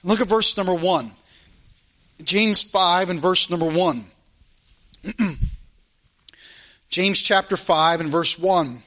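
A man preaches a sermon, first reading scripture slowly and with emphasis, then speaking fervently in a conversational style. His voice is high-pitched, bright, and forceful.

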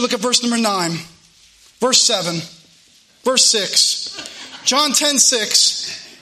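A man preaching as pastor, loud and animated, repeating his phrases. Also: very high-pitched, slight background noise. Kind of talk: sermon.

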